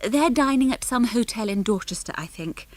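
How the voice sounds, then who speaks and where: A woman's voice: a little high, lively intonation, moderate pace, dry recording, close to an everyday voice. Woman doing a harried, kindly farm wife in a storybook, homely and fussing, dry and close.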